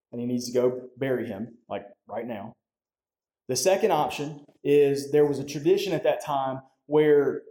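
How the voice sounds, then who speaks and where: A man delivers a sermon in a loose, conversational way, tossing in "right?" after his points. His voice sits somewhat high for a man but sounds mellow and warm. The sound carries a roomy echo, as though the sermon is picked up in a church hall. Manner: conversational, often tags "right?". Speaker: pastor.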